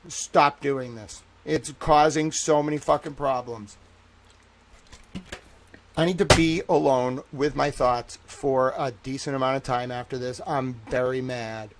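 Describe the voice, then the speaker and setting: A man from the Boston area hosting a livestream, ranting and pleading with his viewers, often swearing and slowing down to stress his words. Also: medium pitch, fairly even intonation, a little hiss or hum. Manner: pleading and repetitive, swearing, slows to stress each word. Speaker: livestream host. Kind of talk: impassioned solo livestream rant.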